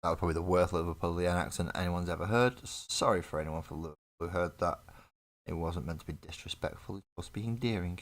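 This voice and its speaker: A man's voice: deep voice, fast talker. A man chatting casually on a live painting stream, rambling and joking with viewers at his desk. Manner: rambling, joking, self-deprecating banter with chat. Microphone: desk mic on live webcam stream.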